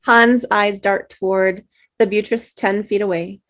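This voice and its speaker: A woman reading stage directions in an even, matter-of-fact way in a table read over a video call. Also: medium pitch, unhurried.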